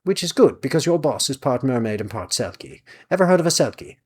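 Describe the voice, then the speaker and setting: A man's voice: medium pitch, very animated, a little fast, breathy edge, pitched above the performer's own voice. Man doing a wry old witch. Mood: dry breezy. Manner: dry, breezy, decisive. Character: brisk, wry older woman witch.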